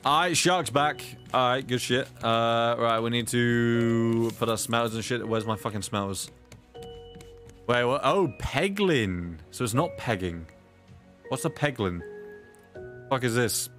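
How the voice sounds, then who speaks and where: Swearing British streamer chatting over gameplay. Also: male voice, medium pitch, measured pace, a bit bright, soft background music. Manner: swears often, reads chat aloud, blurts reactions. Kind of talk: casual gameplay chat.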